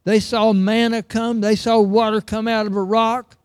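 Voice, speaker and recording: A man's voice: high-pitched, flat delivery, moderate pace, smooth, dry recording, studio quality. A middle-aged man preaching a sermon, earnest and emphatic, reading scripture aloud.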